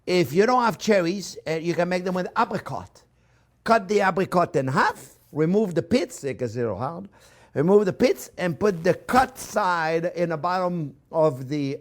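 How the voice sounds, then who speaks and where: A man hosting a cooking show, effusive and crooning over his food in a casual demonstration. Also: on the high side. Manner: often drops to soft murmurs over the dish.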